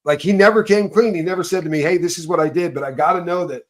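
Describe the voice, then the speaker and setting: A man, host of an online call, telling a story in rambling casual chat that swings between loud bursts and low mutters. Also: quick pace. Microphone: video call.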